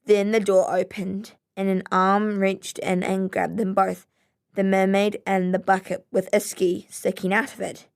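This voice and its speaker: Slow, measured woman reading a children's story. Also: mid-range voice, level tone, gravelly. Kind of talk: children's story read aloud.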